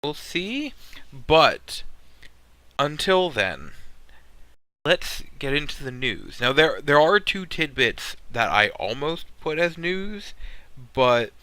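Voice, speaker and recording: Guy hosting a chill gaming podcast, super bright clean voice, gets animated telling stories. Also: medium pitch, clean tone, no room sound, rough recording. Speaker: podcast host. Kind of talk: casual gaming podcast chat.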